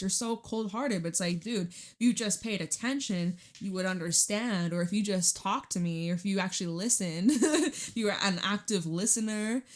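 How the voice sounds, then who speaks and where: A young woman giving a casual tarot reading, rambling and laughing, swearing freely as she talks. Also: fairly low pitch. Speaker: tarot reader.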